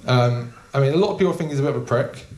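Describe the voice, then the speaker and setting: A young man doing a stand-up comedy set in a small club, deadpan and casual with frequent ums. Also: mid-range voice, racing. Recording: echoey room.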